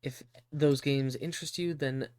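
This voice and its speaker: A man's voice: medium pitch, steady tone, moderate pace, darkish tone, clean tone. A young man chatting casually as a game streamer, laid-back and chatty with the odd swear word.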